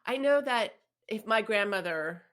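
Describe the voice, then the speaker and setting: Woman podcast host, casual storyteller with a lively, swinging pitch. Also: unhurried. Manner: storytelling, expressive, laughs often. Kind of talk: casual chat.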